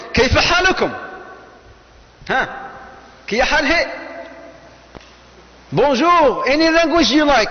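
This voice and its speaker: A male Islamic preacher lecturing an audience. He is animated and acts out little scenes, raising his voice sharply. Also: very high voice. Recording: muffled recording in a large echoing hall.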